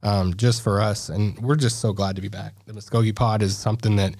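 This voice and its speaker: A man's voice: on the low side, steady tone, a little fast, a little mellow, husky, no echo. A man co-hosting a casual podcast chat, talking loosely with lots of fillers, restarts and easy laughs. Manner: chatty, laughs often, many fillers and restarts. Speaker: podcast co-host. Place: podcast studio.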